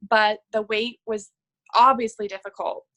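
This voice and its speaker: A woman in her thirties speaks in a slightly raised register, earnest and a little halting as she pauses and restarts. She talks in a relaxed, conversational interview style. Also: fairly high pitch, rough recording. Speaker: guest sharing her health story.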